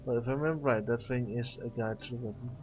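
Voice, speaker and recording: A man's voice: mid-range voice, steady tone, fast, darkish tone, a little hiss or hum, natural voice. A man reading the lines of a nervous, apologetic young alien troll in a video game, hesitant and sorry. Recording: dull lo-fi mic with faint game music.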